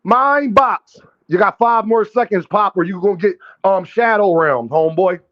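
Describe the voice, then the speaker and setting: A brash, trash-talking male streamer riffs on boxing and calls out his chat with a high-pitched, animated voice. His profane banter sits in dull, lo-fi stream audio. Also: normal speed. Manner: addresses chat directly, calls out viewers. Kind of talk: live-stream boxing commentary.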